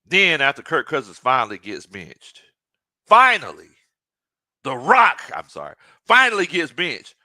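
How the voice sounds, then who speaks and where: A man hosting a sports talk show, joking in an animated, casual way and mimicking players. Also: a little high, measured pace, no room sound.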